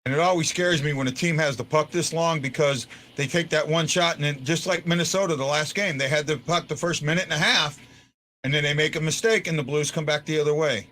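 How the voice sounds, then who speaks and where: Bright-voiced stammering male show host. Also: on the high side, fairly quick. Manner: stammering, restarts words often; swings from stunned to excited. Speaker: host of a fan post-game show. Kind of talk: casual post-game chat.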